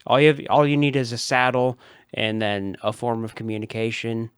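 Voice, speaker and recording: A man co-hosting a podcast, joking playfully and laughing in quick bursts during a casual late-night chat. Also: medium pitch, level tone, clean tone, no room sound, studio quality. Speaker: podcast co-host.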